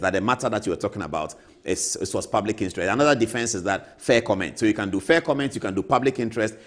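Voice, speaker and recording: A man with a Ghanaian accent, a TV show host telling a story and acting out what others said to him. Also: lowish voice. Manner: animated, acts out quoted voices. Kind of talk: storytelling monologue.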